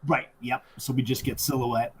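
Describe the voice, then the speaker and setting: A man co-hosting a movie podcast, mostly chiming in with short agreements and quick additions. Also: mid-range voice, flat delivery, very noisy. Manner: short agreeing interjections and add-ons. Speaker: podcast co-host. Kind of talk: casual movie chat.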